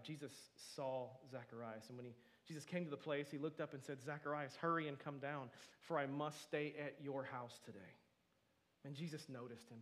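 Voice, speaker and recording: A man preaching a sermon, moving between quiet asides and loud, emphatic declarations, often repeating words for stress. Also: fairly high pitch. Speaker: pastor.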